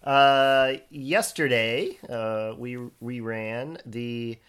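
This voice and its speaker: A man co-hosts a relaxed podcast chat, his words coming out slowly and haltingly. He stops often on fillers while he gathers his thoughts, at an ordinary middle pitch. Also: clean tone. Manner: hesitant, many filler pauses. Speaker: podcast co-host.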